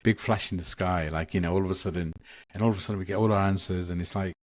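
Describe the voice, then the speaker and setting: Deep-voiced man, earnest and rambling. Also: fairly even intonation, fast, dry recording. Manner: earnest, rambling with frequent restarts. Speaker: guest, Akashic Records channel. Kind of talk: casual spiritual conversation.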